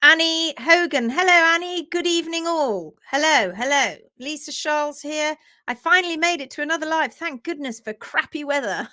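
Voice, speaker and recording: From her home in France, a woman hosts a casual livestream, bubbly as she reads viewer comments aloud and greets people by name. Her voice is high-pitched and sharp, at normal speed with hardly any pauses.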